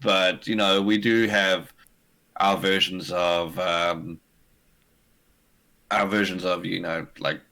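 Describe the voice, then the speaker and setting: A man with a South African accent chatting casually as a guest on a stream. His voice sits fairly low, and he laughs often and jokes at his own expense. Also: slow, long pauses, poor audio. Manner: animated, self-deprecating, laughs often. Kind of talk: casual chat.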